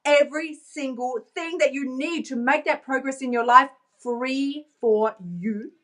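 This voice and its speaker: Brief: upbeat woman life coach, bit high-pitched, playful and emphatic, phone vlog. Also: normal speed, sharp tone. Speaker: motivational coach. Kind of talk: motivational vlog.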